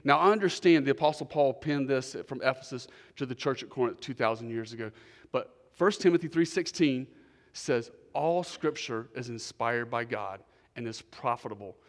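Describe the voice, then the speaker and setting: A man's voice: medium pitch, normal speed. Emphatic preaching man in a reverberant hall. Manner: emphatic preaching, repeats key phrases, swings between loud stresses and quiet asides. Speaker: pastor. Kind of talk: sermon. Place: church.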